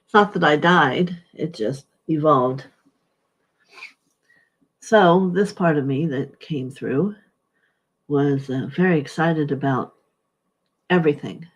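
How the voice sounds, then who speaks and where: A middle-aged woman, speaking as a spiritual speaker, shares a personal testimony in a soft, halting, heartfelt way. Her voice is low-pitched with a breathy edge, and the audio quality is poor.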